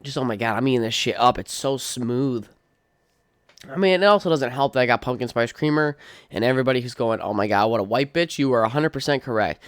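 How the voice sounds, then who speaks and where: Blunt young man ranting, smooth voice. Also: mid-range voice, fairly quick, no echo, studio quality. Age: young adult. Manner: blunt, profane and opinionated, with frequent fillers. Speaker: podcast host. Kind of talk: casual solo rant.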